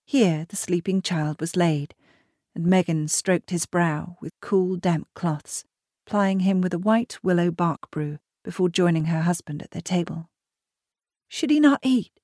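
Woman narrator for a storybook, lowish voice, dry close sound. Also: steady tone, a little slow, mellow, no echo. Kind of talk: storybook reading.

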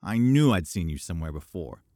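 A man's voice: sits low, lively intonation, a little fast, warm tone, no echo. A courteous young veteran at a party in an audiobook, read by a man. He talks politely with small hesitations. The recording is dry and close. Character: young man, war veteran narrator in dialogue.

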